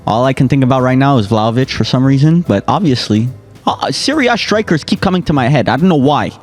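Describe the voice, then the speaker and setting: A man's voice: mid-range voice, lively intonation, fast, faint music behind. A man competing in a quiz with friends, joking around and trash-talking in casual banter. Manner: playful, trash-talking, jokey. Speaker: quiz contestant.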